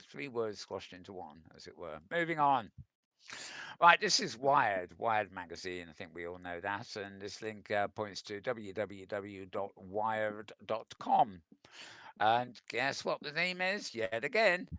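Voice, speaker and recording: A man hosting a relaxed news roundup, reading out articles and adding wry asides with a chuckle. His voice is lowish but bright and forceful, and it is recorded close and dry with no room sound. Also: dry recording. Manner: chatty, wry asides, frequent ums and chuckles. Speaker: news show host.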